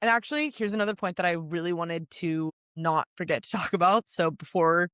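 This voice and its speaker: A woman's voice: fairly low pitch, brisk, a bit bright, no room sound, clean studio sound. A woman in her twenties hosting a solo podcast, talking casually and emphatically with lots of fillers and little laughs. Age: 20s. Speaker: podcast host.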